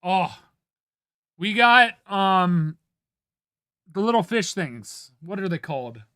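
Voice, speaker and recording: An Ohio man talks with his stream audience at a slow pace, his high, animated voice rising and falling. The tone is bright, sharp and clean as he voices opinions with playful drama, and the audio is dry and close, free of room echo.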